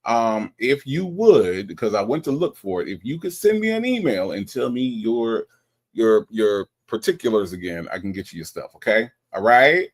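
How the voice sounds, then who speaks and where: A man with a fairly low voice runs a casual livestream, reading out viewer messages one by one. He talks with features and keeps an animated, teasing delivery. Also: moderate pace. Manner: animated, teasing, reads viewer comments aloud. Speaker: livestream host reading chat.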